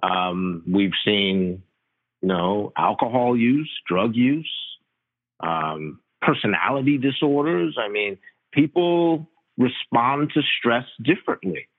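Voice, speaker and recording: A man, a physician interviewed as a guest, telling stories in an animated, slangy, casual way. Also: medium pitch, takes it slowly, no room sound. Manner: animated, slangy, tells stories with quoted dialogue. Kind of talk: casual conversational storytelling. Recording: dry tinny phone-like line.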